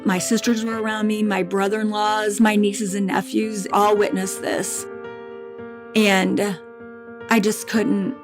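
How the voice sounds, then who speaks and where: A middle-aged woman telling a painful personal story in a podcast interview, halting and emotional, with restarts and repetition. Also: medium pitch, flat delivery, over music. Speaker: bereaved mother guest.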